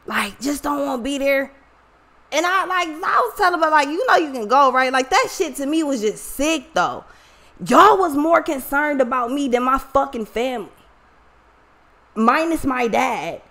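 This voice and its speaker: Woman venting to her viewers, slangy and swearing a lot, voice sits kinda high. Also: expressive, measured pace, a bit bright. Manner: profane, emotional, slangy, talks to viewers directly. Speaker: online reader and vlogger. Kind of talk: casual personal storytelling.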